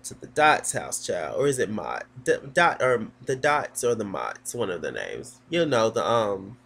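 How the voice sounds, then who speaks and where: A man's voice: lowish voice, big pitch swings, measured pace, creaky, fairly bright tone. A man giving a casual, gossipy recap of a TV episode, sassy and full of fillers.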